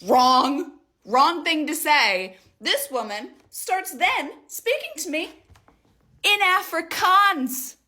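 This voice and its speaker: A woman from Northern Michigan telling a story in a casual vlog, exasperated and animated, acting out what others said. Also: high voice, takes it slowly. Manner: exasperated, animated retelling with mimicked quotes.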